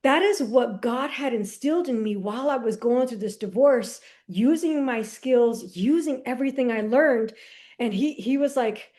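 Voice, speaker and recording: High-voiced woman telling her story. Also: moderate pace. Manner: animated storyteller who acts out dialogue; casual, with slang and restarts. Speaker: podcast guest. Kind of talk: personal testimony in casual conversation.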